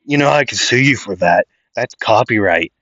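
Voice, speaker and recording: A man's voice: mid-range voice, expressive, moderate pace, a bit bright, no echo, muffled recording. A man voicing a smug, teasing male captain with a playful, chuckling delivery.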